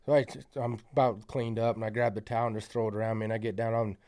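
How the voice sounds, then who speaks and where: A man's voice: fairly low pitch, rapid-fire. Man, casual podcast storyteller; rambling, profane, many fillers. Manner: gets loud and excited at the climax.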